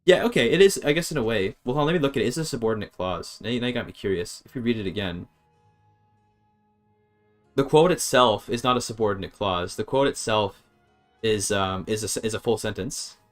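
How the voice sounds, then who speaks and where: A young male streamer with a lowish voice talks through grammar casually. He rambles, keeps correcting himself, and swears when his examples fall flat. Keyboard typing sits in the background. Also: brisk, faint music behind. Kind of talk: casual livestream explaining grammar.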